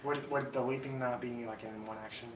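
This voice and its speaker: A man's voice: medium pitch, fairly even intonation, fairly quick, echoey room, distant mic, a little hiss or hum. A man playing a tabletop game, hesitantly asking about the rules. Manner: hesitant, asks rule questions. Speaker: player. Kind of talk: casual tabletop game session.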